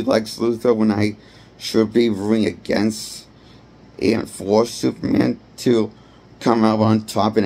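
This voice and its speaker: Guy doing a movie review rant, rambly and swearing a lot, low gravelly voice. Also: dark tone. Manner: rambling, blunt and profane. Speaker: movie critic. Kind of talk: ranting film review.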